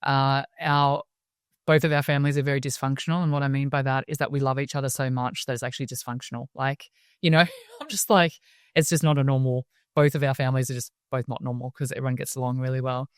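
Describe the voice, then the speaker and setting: An Australian woman, a guest in an interview, telling her story in a lively way and acting out the voices of people she quotes. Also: rumbling low, quick pace, clear, resonant tone, no echo, studio quality. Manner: lively storyteller who acts out quoted voices and laughs often. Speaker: interview guest, wellbeing speaker.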